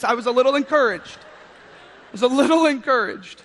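A man's voice: very high voice, moderate pace, fairly bright tone. A man in his thirties preaching a sermon, telling a story with playful asides. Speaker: pastor. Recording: long hall reverb.

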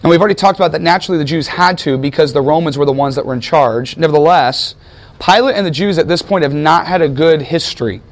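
A man's voice: fairly high pitch, quick pace. A man teaching a class, telling history as a story and putting questions to his students. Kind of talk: classroom lecture.

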